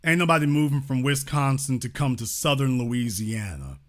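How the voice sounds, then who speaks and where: A man's voice: mid-range voice, animated, normal speed. A young man hosting a live call-in show, combative and slangy, hammering the same phrases over and over. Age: young adult. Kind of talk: heated commentary and call-in.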